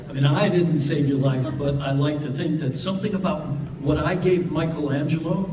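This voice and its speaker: A man on a convention panel telling a heartfelt story to a live audience, earnest and halting, often repeating words. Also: fairly high pitch, fairly even intonation. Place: large convention hall. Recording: echoey hall from far off with noise.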